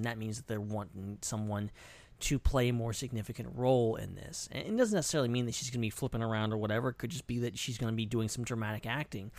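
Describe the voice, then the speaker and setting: A man's voice: medium pitch, dry recording. Male co-host, chatty, hedges his takes, close dry mic. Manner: thinks aloud, qualifies his opinions. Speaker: podcast co-host. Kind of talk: casual podcast chat.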